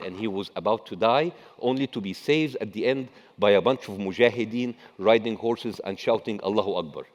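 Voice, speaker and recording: A middle-aged man with an Egyptian accent giving a satirical conference talk, full of sarcastic, mocking asides. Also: on the low side. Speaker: conference speaker. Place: large conference hall. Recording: long hall reverb.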